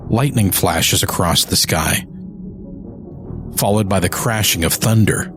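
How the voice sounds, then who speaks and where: Low slow male narrator for an audio drama, clear music underneath. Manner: slow, measured storytelling. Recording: music bed behind narration.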